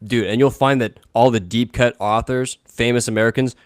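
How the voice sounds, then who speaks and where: A man's voice: mid-range voice, steady tone, moderate pace, dry recording, studio quality. A man in casual podcast chat, talking enthusiastically and firing off questions.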